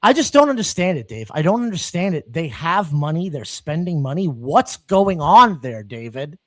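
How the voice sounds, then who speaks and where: A man's voice: a little high, big pitch swings, normal speed, fairly bright tone, dry recording. A man co-hosting a casual podcast, ranting comically and swearing constantly. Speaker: podcast co-host.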